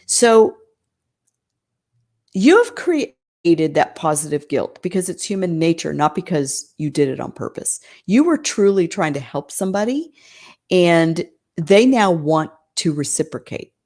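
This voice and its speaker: A woman's voice: lowish voice, very animated, a little slow, a little mellow. A woman coaching cleaning-business owners in an emphatic, conversational way, often checking in with "right?".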